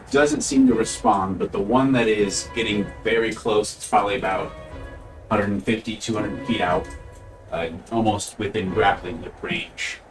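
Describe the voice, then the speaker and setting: Slow-talking male game master. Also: lowish voice. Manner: unhurried narration with frequent uh fillers. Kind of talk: narrating a tabletop game. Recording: distant mic with faint background music.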